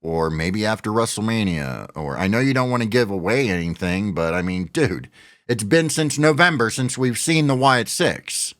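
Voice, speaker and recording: A man's voice: fairly low pitch, animated, normal speed, fairly bright tone, no room sound, studio quality. A middle-aged man ranting in frustration about wrestling news, swearing often as he vents. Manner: frustrated, profane venting. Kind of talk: ranting commentary.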